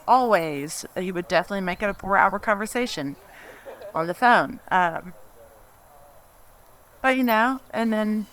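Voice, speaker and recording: A woman speaks at a memorial with a bright, sharp tone, telling a story about a friend. She stops and restarts often. She laughs through her nerves and her grief. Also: mid-range voice, a little hiss or hum. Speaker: friend giving a eulogy. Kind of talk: memorial speech, personal anecdote. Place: memorial gathering.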